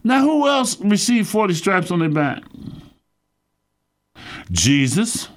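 A middle-aged male pastor preaching with a gravelly edge. His voice is fairly high and swings widely in pitch. He drives each point home with fervent call-outs to the congregation. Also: big pitch swings, slow. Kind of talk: sermon.

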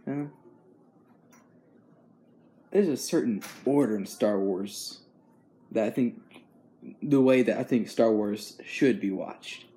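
A man's voice: on the low side, takes it slowly, long pauses, dark tone. A young man chatting casually as host, easygoing and rambling, with frequent chuckles. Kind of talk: casual chat.

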